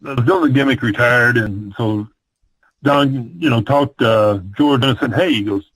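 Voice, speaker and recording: A retired pro wrestler, an older man from the American Midwest, appears as a guest in a storytelling interview, telling long stories and rambling with many fillers and restarts. His mid-range voice is fairly bright at normal speed. The poor audio has no room sound.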